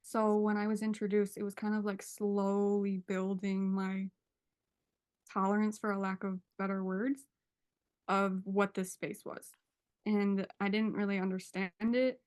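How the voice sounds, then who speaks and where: A woman guest on a video call sharing a heartfelt testimony, emotional and earnest, pausing as she searches for words. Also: mid-range voice, level tone, darkish tone, clean tone.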